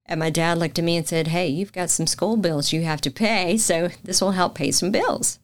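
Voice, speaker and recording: A woman's voice: on the low side, moderate pace. A middle-aged woman with a Southern accent, a news anchor telling her career story as a guest in a casual interview, acting out the lines she quotes. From Macon, Georgia.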